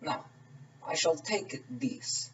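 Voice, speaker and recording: A man's voice: on the high side, lively intonation, slow pace, a little hiss or hum, voice pushed up. A man putting on a pompous Russian tsar. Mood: smug. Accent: put-on Russian. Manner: haughty, clipped broken English. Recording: distant mic, dull and lo-fi.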